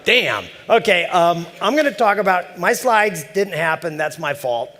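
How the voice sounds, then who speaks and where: A man's voice: high voice, lively intonation, measured pace, bright, forceful tone. A man giving a conference talk in a joking, chatty way with many fillers, from a large conference hall over a PA mic. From San Francisco Bay Area. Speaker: conference speaker.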